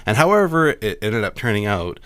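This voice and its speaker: A man's voice: lowish voice, big pitch swings, a little fast, fairly bright tone, no echo. A man co-hosting a podcast in casual comedic chat, telling stories and laughing at puns. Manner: laughing, storytelling, playful puns. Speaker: podcast co-host.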